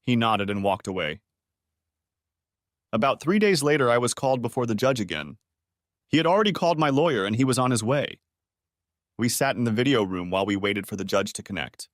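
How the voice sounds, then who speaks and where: A man narrating a first-person story in a calm, matter-of-fact way. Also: medium pitch, brisk, pauses often, no echo, clean studio sound.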